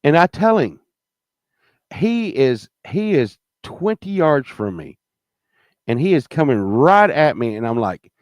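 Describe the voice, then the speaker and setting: A man's voice: fairly high pitch, big pitch swings, a little slow, dry recording, clean studio sound. A middle-aged man telling a rambling, profane anecdote with plenty of fillers and restarts, growing heated as the story goes on. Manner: grows heated and loud while telling the story. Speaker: storyteller guest.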